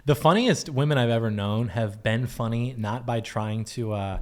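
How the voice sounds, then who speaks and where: A young man, a guest on a casual podcast, telling stories in a wry, deadpan way. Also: mid-range voice, normal speed. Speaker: guest, political video maker.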